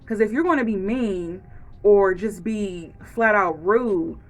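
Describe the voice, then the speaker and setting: A woman vlogger, talking straight to camera in a frank, lively rant. She keeps her pitch mid-range, and slips into little voices to act out what others say. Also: slow pace. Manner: frank and animated, acts out quoted lines.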